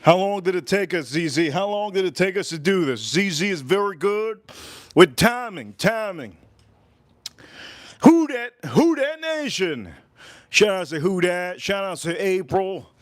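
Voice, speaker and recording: A man with a somewhat high voice hosts a relaxed livestream, talking to viewers. He stretches his words and says each phrase over and over in a playful, unhurried way. The sound is dry and close to the mic. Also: no room sound. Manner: repeats phrases, drawn-out and playful. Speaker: livestream host. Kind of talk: casual livestream chat.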